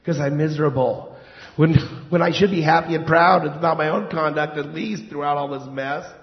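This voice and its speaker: A man's voice: on the high side, moderate pace, gravelly. A man acting an indignant older son who has worked hard and feels overlooked. He complains and pushes back with sarcasm. The sound is a dull, muffled stage recording with a long hall echo. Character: resentful dutiful older son, indignant and self-righteous. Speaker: client of a counselor. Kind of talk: stage play dialogue.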